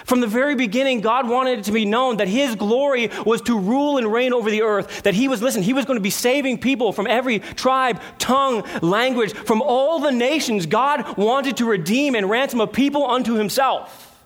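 A man's voice: very high voice, normal speed, hardly any pauses, fairly bright tone. A man preaching a sermon as pastor, emphatic, with rhetorical questions and repeated phrases.

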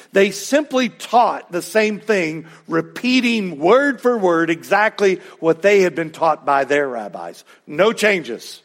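A pastor preaching a sermon in a conversational way, with asides and questions to the congregation. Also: male voice, high-pitched.

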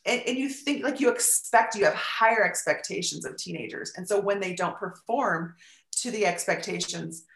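Woman, 40s, earnest, chatty, mid pitch, echoey room. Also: moderate pace, vocal fry, fairly bright tone. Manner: earnest, talkative, many "you know" fillers. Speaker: podcast guest, parenting advice. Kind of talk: casual conversation.

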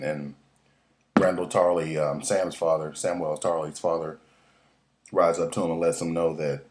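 A man giving a casual, profane, excitable recap of a TV episode, rambling with lots of fillers and restarts. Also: very deep voice. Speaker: podcast host recapping a TV episode.

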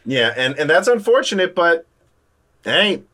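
Lively pitch jumps mark this man's delivery as he hosts a casual tech chat. He's animated and keeps talking right through his quick restarts.

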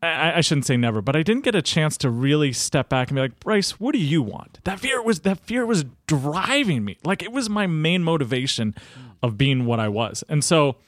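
A man in his thirties, a podcast guest telling his story in conversation, acting out quoted dialogue with big jumps in pitch. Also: lively intonation, moderate pace, dry recording.

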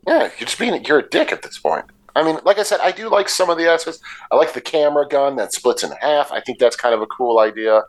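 A man's voice: a little high, animated, fast, poor audio. A man co-hosting a film podcast, talking casually with many fillers and restarts, dry and wry in his criticism. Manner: hesitant, filler-heavy, wry. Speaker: podcast co-host. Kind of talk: casual film review chat.

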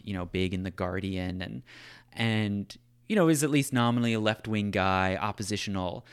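Low-ish guy, chatty, lots of "like" and "right?" tossed in. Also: clear, resonant tone. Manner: loose, filler-heavy talk, frequent "right?" and "like". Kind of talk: conversational discussion.

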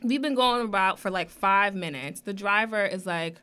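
A young woman telling a story in casual chat, profane and animated, acting out the people she quotes. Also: mid-range voice, normal speed, clean tone.

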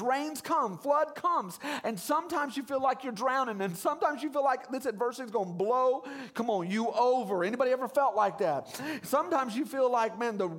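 A male pastor preaching a sermon. He calls on the congregation to repeat words back and mixes in casual, jokey asides. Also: very high voice. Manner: energetic call-and-response preaching, urging the congregation to repeat words.

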